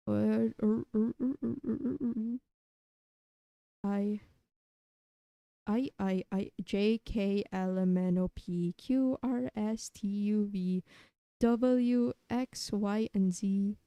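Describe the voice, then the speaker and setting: A young woman live-streaming who rambles chaotically, swears a lot and argues with herself in quick back-and-forth. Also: mid-range voice, warm tone, no room sound, clean studio sound. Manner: jumps between silly sounds, jokes and random tangents. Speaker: variety streamer.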